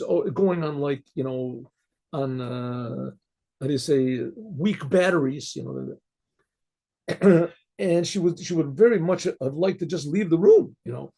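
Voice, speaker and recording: A man, a rabbi, telling a story in a casual, halting way with many restarts and frequent throat clearing. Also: a little high, warm tone.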